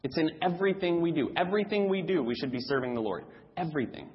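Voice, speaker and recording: A man's voice: fairly high pitch, fast, big-room sound, dull audio. A man preaching a sermon in a church, emphatic and repeating key phrases for stress.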